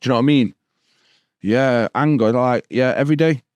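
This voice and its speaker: A man's voice: medium pitch, fairly quick, darkish tone, no echo. Man, manchester accent, slangy, keeps saying bro, dry close sound. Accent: Manchester English. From Stockport, England. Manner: casual street slang, repeated "bro" and "do you know what I mean". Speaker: guest. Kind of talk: storytelling in a podcast interview.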